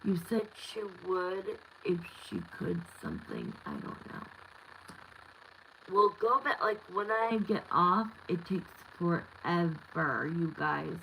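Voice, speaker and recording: A woman's voice: fairly low pitch, big pitch swings, slow, gravelly, bright, forceful tone, a little hiss or hum, low-quality recording. A woman in her thirties giving a live tarot reading, talking candidly and bluntly with lots of fillers. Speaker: tarot reader.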